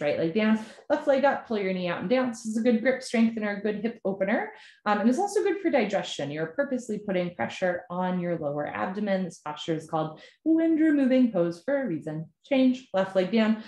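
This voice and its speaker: Calm woman yoga teacher, echoey room. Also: medium pitch. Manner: calm step-by-step cues with casual fillers. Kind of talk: guided yoga class instruction. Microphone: camera mic.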